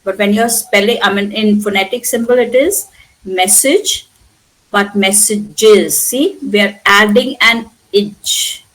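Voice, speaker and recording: A woman with an Indian English accent teaching a spoken English lesson, patiently repeating words slowly for her students. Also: mid-range voice, fairly bright tone, poor audio. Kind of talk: classroom pronunciation lesson.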